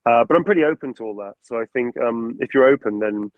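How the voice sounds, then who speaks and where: Man, voice actor, interview guest, animated, mid pitch, dry dull audio. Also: fast, no room sound. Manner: animated, acts out quotes and voices. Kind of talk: interview answers about acting craft.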